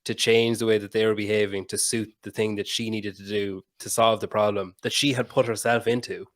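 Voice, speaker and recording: A man hosting a podcast, telling a story with animated quoted dialogue and plenty of swearing. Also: fairly low pitch, brisk. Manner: animated anecdote-telling, swears freely, mimics people in quotes. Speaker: podcast host. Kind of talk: casual podcast conversation, storytelling.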